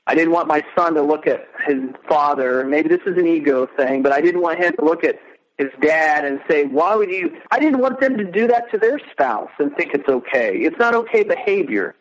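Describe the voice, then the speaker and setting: A middle-aged man talks as a guest in a casual interview. His voice sits somewhat high, and he speaks earnestly and emotionally, with halting starts. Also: animated, low-quality recording.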